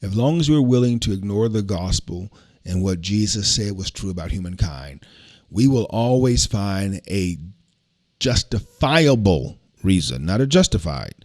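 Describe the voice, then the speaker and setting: An older man from the hosts a podcast conversation. His voice sits low, and he talks in an earnest, preacherly way that drops into a hush when he recalls the past. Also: very animated, measured pace. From Alabama, USA. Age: 60s. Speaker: podcast host. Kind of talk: casual storytelling chat.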